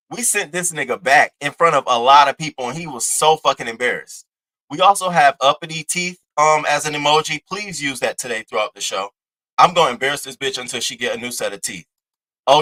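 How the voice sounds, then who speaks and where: A man's voice: fairly high pitch, sharp tone, poor audio. Brash, taunting man ranting on a stream. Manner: brash, taunting, profane trash talk. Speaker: live-stream host. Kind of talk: heated livestream rant.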